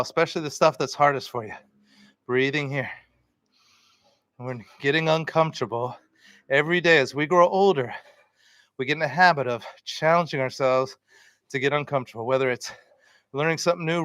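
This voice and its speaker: A man leading a vinyasa yoga class, calmly cueing breath and poses with relaxed encouragement. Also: fairly high pitch, no room sound, studio quality. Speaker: yoga instructor.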